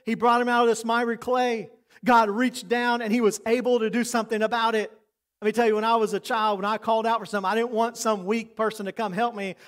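Мужчина средних лет, пастор, читает проповедь искренне, временами переходит на тихий, доверительный тон. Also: male voice, very high voice. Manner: earnest, preacherly, drops to soft intimate tones for emphasis. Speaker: pastor. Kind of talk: sermon.

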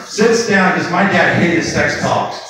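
A man doing a stand-up comedy routine, acting out shrill voices in his stories. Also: measured pace, a crowd in the background. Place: comedy club stage. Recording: echoey club from a distant mic. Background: audience laughter.

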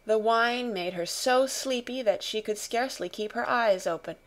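Woman calmly narrating a classic audiobook. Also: a little high, normal speed. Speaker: audiobook reader.

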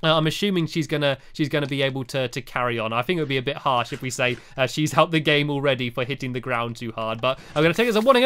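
A young man chatting casually as he plays a video game, giggling often and filling pauses with "uh". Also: medium pitch, a bit bright, clean tone. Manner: chatty, giggly, with many "uh" fillers. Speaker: gaming YouTuber.

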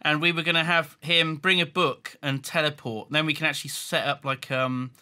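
A man's voice: fairly high pitch, steady tone, moderate pace, bright, forceful tone. A man co-playing a game, chatting casually with a sarcastic, mock-exasperated manner. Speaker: co-player. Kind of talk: casual gameplay chat.

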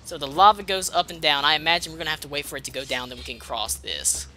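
A woman's voice: deep voice, fast talker, pushed and bright, faint music behind. A woman giving casual, profane gameplay commentary, muttering and sarcastic as she plays. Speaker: let's play host.

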